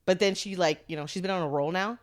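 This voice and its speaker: A woman chef chatting casually, animated and laughing often, swearing freely. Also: fairly low pitch, fast talker. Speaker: chef, guest. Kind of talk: casual tipsy chat.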